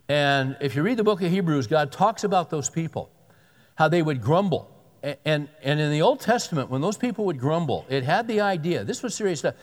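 A pastor preaching a sermon in a conversational, emphatic way, repeating key words for weight. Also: male voice, on the high side. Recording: long hall reverb.

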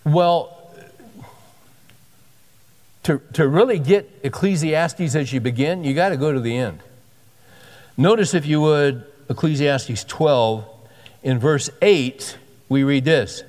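A man's voice: medium pitch, slow pace, pauses often, a little mellow. A man preaching a sermon as a pastor, conversational and emphatic, often repeating himself for stress. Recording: long hall reverb.

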